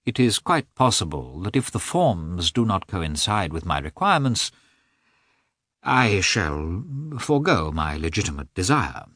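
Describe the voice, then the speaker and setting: A man voicing a stiff middle-aged official who speaks formally and with measured emphasis. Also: low-pitched, big pitch swings, fairly bright tone, no echo, studio quality, exaggerated voice.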